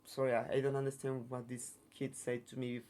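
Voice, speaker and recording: Man telling a story in halting English. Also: mid-range voice, little pitch movement, a little mellow. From Mexico. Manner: halting, broken English with many restarts and fillers. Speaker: guest, circus artist. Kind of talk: casual storytelling interview.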